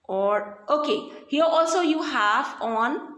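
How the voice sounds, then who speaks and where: A woman teacher with an Indian English accent gives a recorded online class lesson in a high, animated voice. She explains slowly and patiently, step by step, peppering her talk with "okay" and "fine," and the room has a noticeable echo.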